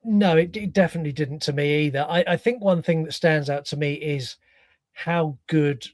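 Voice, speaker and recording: A man co-hosting a podcast in casual chat, expressive and swearing casually, acting out little lines as he tells them. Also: fairly high pitch, moderate pace, no room sound, studio quality. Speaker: podcast co-host.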